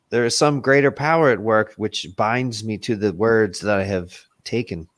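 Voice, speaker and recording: A man's voice: fairly low pitch, measured pace, hardly any pauses, no room sound. A man who is a player in a tabletop game, speaking in character in a formal, solemn way. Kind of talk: in-character role-play.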